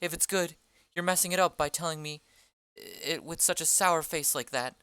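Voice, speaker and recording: Reader as an eager young girl in love, bright and clear, pleading and pressing, dry close sound, amateur play reading. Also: mid-range voice, moderate pace, no room sound, close to an everyday voice.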